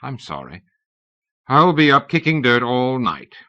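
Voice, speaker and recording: A man's voice: medium pitch, sing-song, unhurried, bright, forceful tone, voice pushed up, exaggerated voice. A man voicing a tired old male dog who speaks wearily and apologetically in a storybook reading. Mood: weary. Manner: weary, apologetic. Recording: dull lo-fi cassette recording.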